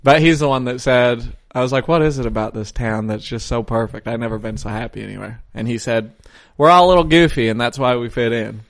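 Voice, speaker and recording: A man's voice: mid-range voice, fairly quick. A man co-hosting a podcast, telling rambling, profane stories in casual chat. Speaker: podcast co-host.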